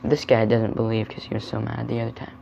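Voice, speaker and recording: Storytime reader, male, gentle and chatty; muffled recording with faint hiss. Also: medium pitch, monotone, quick pace, gravelly. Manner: gentle, chatty asides about the pictures. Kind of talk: reading a children's picture book aloud.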